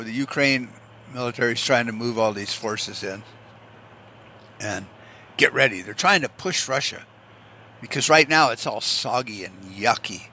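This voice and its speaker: A man's voice: medium pitch, pushed and bright. A man hosting a solo podcast, talking bluntly and sarcastically with lots of swearing, and slipping into mocking voices for the people he quotes. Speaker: podcast host. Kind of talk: opinionated solo podcast rant.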